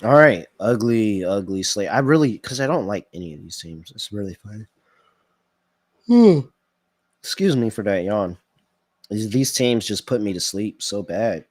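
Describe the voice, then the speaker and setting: Man, low voice, casual betting show host, mulls picks out loud, answers chat. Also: lively intonation, moderate pace, no echo. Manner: thinks aloud, reacts to viewer chat. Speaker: sports betting podcast host. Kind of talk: casual live-stream chat.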